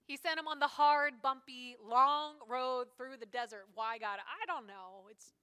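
Bright, lively woman preaching a sermon. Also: high-pitched, unhurried, clean tone. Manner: lively, joking, conversational preaching. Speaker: pastor. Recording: long hall reverb.

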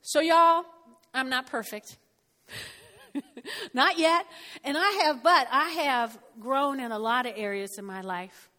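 A woman pastor preaching a lively, folksy sermon to a congregation. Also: sits high, slow, long pauses. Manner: lively, folksy, with whoops and laughs. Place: church. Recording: church hall reverb.

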